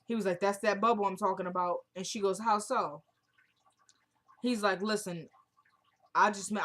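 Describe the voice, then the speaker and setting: A woman's voice: mid-range voice, fairly bright tone. A woman casually recapping a TV episode for viewers, retelling each scene line by line with "he goes, she goes" and stopping to give her own blunt opinions. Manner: chatty and opinionated, talks straight to viewers.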